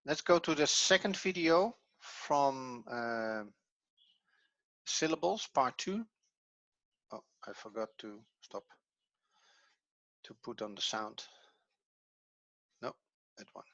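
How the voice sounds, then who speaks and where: A man's voice: medium pitch, animated, a bit bright, no echo, highs cut off. A man teaching a live online language class, speaking hesitantly and correcting himself. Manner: slow, hesitant, self-correcting.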